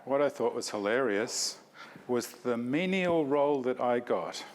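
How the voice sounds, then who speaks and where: A man's voice: medium pitch, lively intonation, measured pace, slight background noise. A man giving an academic talk, reflective and self-deprecating, in a lecture hall.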